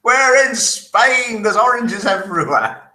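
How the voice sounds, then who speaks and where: Speaking slowly in a high, sing-song voice that sounds pushed and bright, this man runs a live online show from an echoey indoor room in Spain. He's chatty and jokey, reading out comments from viewers and cracking up at his own gags.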